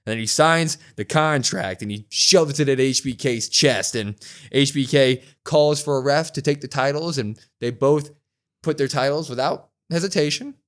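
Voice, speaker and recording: Young man at a mid pitch, co-hosting a podcast in a relaxed, chatty way. He narrates a wrestling show blow by blow. He jumps into a raised voice whenever he quotes the wrestlers. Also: moderate pace. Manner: animated retelling, acting out quotes with a raised voice. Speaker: podcast co-host. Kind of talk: casual wrestling recap.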